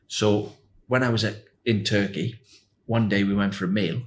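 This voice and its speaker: A man in his sixties, a former footballer, telling animated anecdotes as a podcast guest and laughing as he goes. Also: fairly low pitch, moderate pace. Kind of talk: anecdotal storytelling.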